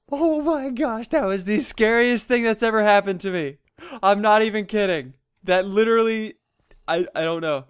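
A young man giving excitable, jumpy gameplay commentary, laughing often and yelping when startled. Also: high voice, clean tone. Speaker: gaming YouTuber. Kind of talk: Let's Play commentary.

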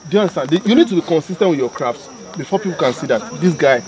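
A man's voice: fairly high pitch, expressive, very fast, noisy background. A Nigerian man, a content creator, giving casual motivational advice and repeating his points for emphasis.

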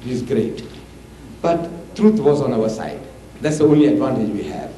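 An older man from Africa, giving an impassioned public lecture and answering questions, with animated, forceful swings of pitch. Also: moderate pace. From South Africa. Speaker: preacher and debater. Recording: roomy hall with faint hiss, archival tape.

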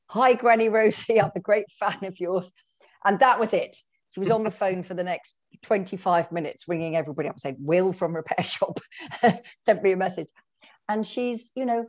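A middle-aged woman, an author, telling personal stories in a chatty, animated way with lots of fillers and restarts. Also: on the low side. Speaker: guest author. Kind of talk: conversational storytelling.

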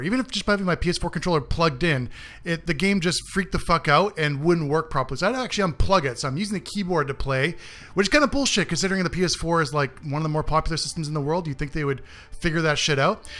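A man's voice: a little high, pushed and bright. A man hosting a game review, giving sarcastic, ranting commentary full of swearing as he plays. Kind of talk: profane gameplay commentary.

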